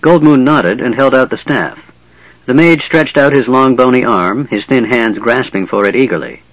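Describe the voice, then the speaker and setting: A man's voice: mid-range voice, moderate pace, no echo, lo-fi sound. Man narrating a fantasy audiobook.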